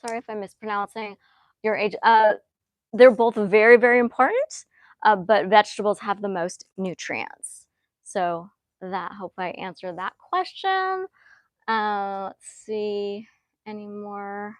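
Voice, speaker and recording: A woman hosting a live-stream question and answer session, speaking earnestly and often pausing with fillers as she reads comments. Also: mid-range voice, animated, fairly bright tone, dry recording. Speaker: host answering viewer questions.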